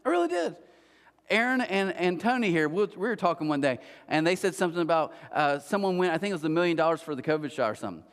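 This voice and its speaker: A man's voice: fairly high pitch, big pitch swings, fast talker. A middle-aged man, a pastor, giving a chatty sermon full of stories and self-mocking humor, talking straight to his listeners. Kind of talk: conversational sermon. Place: church auditorium. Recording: long church-hall reverb.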